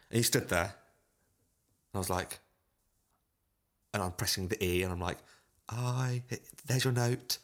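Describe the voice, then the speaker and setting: A man's voice: fairly low pitch, moderate pace, long pauses. A man, a pianist at auditions, telling a story and acting out the voices and tunes in it. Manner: lively storyteller, acts out voices and hums tunes. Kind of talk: casual anecdote.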